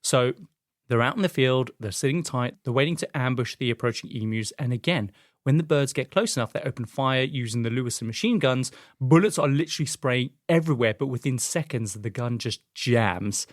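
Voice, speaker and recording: A man's voice: mid-range voice, a little fast, no echo, studio quality. Chatty man telling a story. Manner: animated, chatty, frequent fillers. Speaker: podcast host telling a story. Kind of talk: casual storytelling chat.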